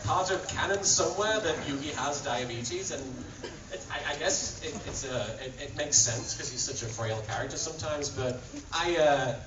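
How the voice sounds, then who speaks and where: A man's voice: on the high side, normal speed, background noise. Stammering British man at a convention panel. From England. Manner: self-deprecating, stammering restarts, laughing often. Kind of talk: casual convention panel talk. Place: large convention hall with audience. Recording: roomy, distant, muffled fan recording in loud crowd.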